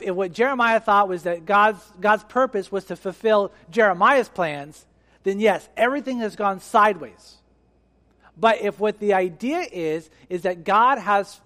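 A male pastor giving an animated sermon in a church, acting out dialogue as he preaches. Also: high-pitched, long reverb tail. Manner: animated, acts out dialogue with God.

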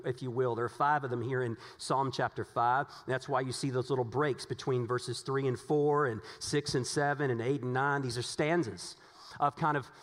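A man's voice: medium pitch, long reverb tail. A man preaching a sermon as pastor, earnest and repetitive, asking his congregation rhetorical questions.

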